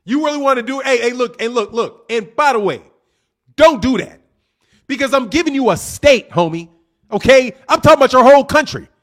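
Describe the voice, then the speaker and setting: A man hosting a casual livestream, talking fast and teasing his chat in a cocky, rambling way. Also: very high-pitched, animated, fairly bright tone. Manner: fast, rambling, with restarts and laughs. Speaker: livestream host.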